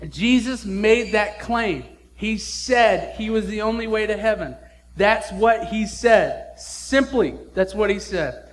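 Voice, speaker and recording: A man preaching a sermon as pastor, blunt and emphatic, with casual slang. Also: high voice.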